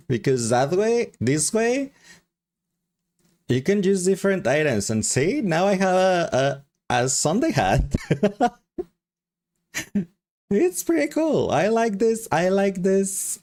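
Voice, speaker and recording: A man's voice: high voice, sing-song, slow, long pauses, a little mellow. A man with a Mexican accent chatting casually with his live stream chat, rambling and laughing often. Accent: Mexican Spanish.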